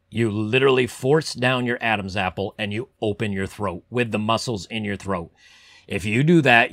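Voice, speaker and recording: A young man hosts his own channel, talking straight to camera in a loose, rambling way full of ums and restarts. He keeps his voice held low on purpose, giving it a slightly forced deep tone. The sound is dry and close, with no room echo. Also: creaky, a bit bright. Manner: rambling, repeats words, many ums; deliberately lowered, pushed-down voice. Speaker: channel host. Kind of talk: casual advice monologue to camera.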